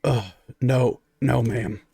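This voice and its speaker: Guy doing a scruffy vagrant man, meek, stammery, a bit higher. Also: slow pace, vocal fry, warm tone, husky, no room sound, clean studio sound, full character voice.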